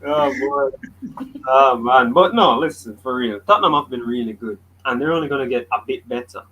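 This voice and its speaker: A man from Jamaica holds forth in a relaxed sports chat. He is blunt and opinionated, mixing jokes into his takes, at an ordinary middle pitch. Faint noise sits under the recording. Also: moderate pace, muffled recording. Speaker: podcast co-host.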